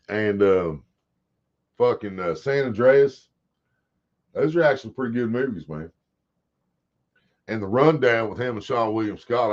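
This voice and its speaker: A man hosting a casual livestream, rambling and swearing as he talks to his chat. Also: on the low side. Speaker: livestream host. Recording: dull lo-fi stream audio.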